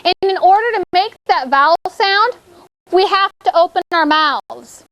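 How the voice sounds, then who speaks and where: High-voiced teacher woman coaching a class. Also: animated, unhurried, fairly bright tone, no echo. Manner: encouraging, checks in with "okay?" often. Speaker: elementary school teacher. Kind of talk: classroom spelling lesson.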